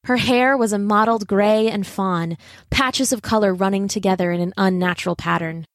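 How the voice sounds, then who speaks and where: A woman's voice: mid-range voice, no room sound. Woman narrating a storybook, dry and close. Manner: measured, gently expressive reading. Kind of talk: audiobook narration.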